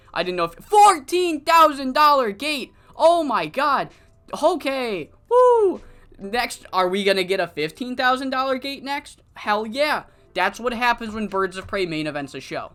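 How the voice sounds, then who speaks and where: A casual game commentator, excitable and swearing freely, narrates a wrestling sim save and paraphrases the characters' promos. His voice is smooth and medium in pitch.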